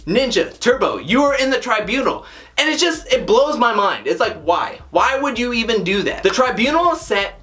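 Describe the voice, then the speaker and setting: A woman's voice: on the high side, a bit bright. Woman reviewer, chatty recap voice, opinionated, exasperated asides, rambling run-on delivery. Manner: opinionated, exasperated rhetorical questions. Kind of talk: casual episode recap and commentary.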